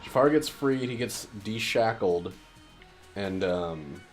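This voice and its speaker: A man with a very low voice gives casual, wry commentary while he plays a video game. He rambles and mutters asides to himself. Game music and gunfire play clearly behind him. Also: lively intonation, slow. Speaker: streamer playing a video game. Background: loud game music and gunfire.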